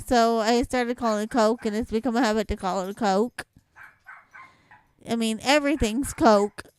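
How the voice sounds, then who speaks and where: A woman's voice: fairly high pitch, clear, resonant tone, no echo. A young woman with a light Southwest Louisiana accent, chatting casually at home in an accent challenge vlog, rambling and laughing lightly. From southwest Louisiana, born in Michigan. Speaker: vlogger.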